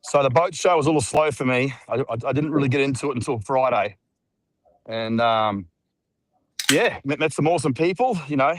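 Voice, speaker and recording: A man's voice: mid-range voice, fairly quick, a crowd in the background, poor audio. A man with an Australian accent chatting laid-back and rambling on a video call while out walking. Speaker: regular guest. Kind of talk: casual video call chat. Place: outdoors, walking.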